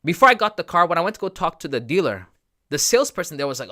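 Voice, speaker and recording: A man's voice: a little high, very animated, racing, sharp tone. A man hosting a live trading stream, talking straight to his viewers in a casual, emphatic, repetitive way. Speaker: trading livestream host.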